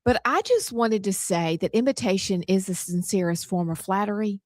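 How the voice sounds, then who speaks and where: A woman's voice: mid-range voice, lively intonation, moderate pace, darkish tone, no echo. Middle-aged woman host, playful casual banter, dry close studio sound. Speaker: show host. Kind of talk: casual chat.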